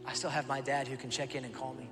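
A male pastor preaching a sermon, telling the story in an animated way and acting out voices. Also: mid-range voice, fast, big-room sound, over music. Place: church auditorium.

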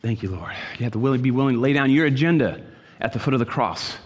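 A man preaching a sermon in an exhorting manner, repeating his phrases and moving between quiet asides and loud calls. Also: mid-range voice, animated, fast, in a large hall. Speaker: pastor.

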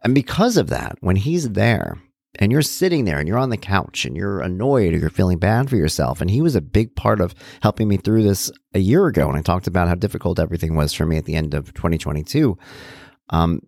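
A man's voice: sits low, big pitch swings, a little fast, gravelly, a little mellow, no room sound. A man hosting a solo talk, reflecting conversationally with many asides and restarts. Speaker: podcast host, parent.

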